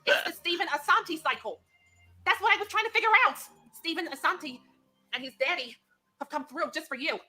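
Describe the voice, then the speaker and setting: A woman's voice: high-pitched, lively intonation, fairly quick, sharp tone, soft background music. A woman playing a patronizing, theatrical psychic. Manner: theatrical, patronizing, calls people honey. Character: theatrical fake female psychic. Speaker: comedic psychic.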